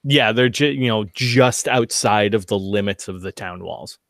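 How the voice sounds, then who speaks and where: A man's voice: on the low side, moderate pace, no echo. Male game master, easygoing filler-heavy narration, close dry recording. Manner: relaxed, filler-heavy narration with frequent laughs.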